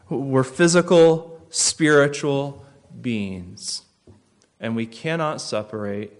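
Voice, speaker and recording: A man preaching a sermon, earnest, rising to loud emphasis and dropping to quiet, reflective lines. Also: medium pitch.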